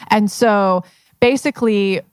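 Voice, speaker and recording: A woman's voice: mid-range voice, takes it slowly, clean tone, dry recording. A woman manifestation coach talking casually to a live audience, telling stories in a chatty way full of fillers. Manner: chatty, filler-heavy, storytelling. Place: live event at a members' club.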